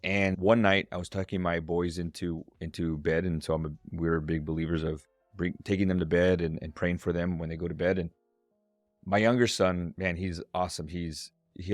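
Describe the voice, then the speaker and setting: Middle-aged guy on a podcast, really low voice, tells stories and does the voices, dry sound. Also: fairly quick, no echo, faint music behind. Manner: animated storyteller, acts out voices in quotes. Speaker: guest, strengths coach. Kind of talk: storytelling in a podcast interview.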